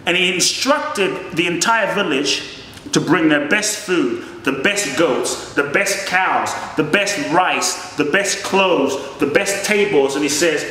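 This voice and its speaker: A man's voice: fairly high pitch, slow pace, sharp tone, heavy reverb, long reverb tail, far from the mic, slight background noise, poor audio. A man giving an impassioned motivational speech and telling a story as a life coach.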